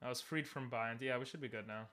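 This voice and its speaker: A man's voice: medium pitch, fast, pushed and bright. A young man giving casual, joking commentary while streaming a game and talking with chat. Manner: chatty, joking, talks to chat.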